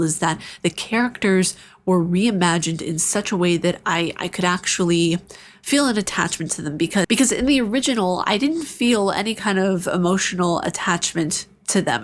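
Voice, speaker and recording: Chatty young woman reviewing games. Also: lowish voice. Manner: chatty and enthusiastic, full of "like" and "you know". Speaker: video game reviewer. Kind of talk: casual spoken game review.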